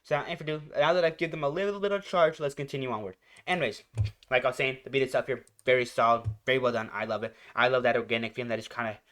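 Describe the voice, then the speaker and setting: A man's voice: mid-range voice, rapid-fire, fairly bright tone. A man hosting a reaction channel, rambling casually, repeating phrases and searching for words as he reviews a song. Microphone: headphones.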